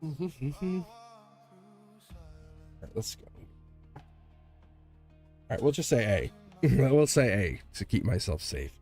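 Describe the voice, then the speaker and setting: A man's voice: mid-range voice, huge pitch swings, slow, long pauses, mellow. A man reading tarot on a livestream, chatting casually, laughing often and rambling through stories where he keeps quoting himself. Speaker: tarot reader. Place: home studio. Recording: faint music behind.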